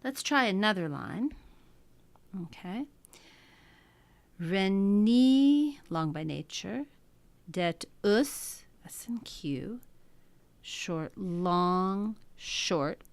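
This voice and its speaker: A woman's voice: medium pitch, expressive, extremely slow, pauses often, no room sound. A woman teaching a lesson, talking methodically through each step. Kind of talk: classroom lecture.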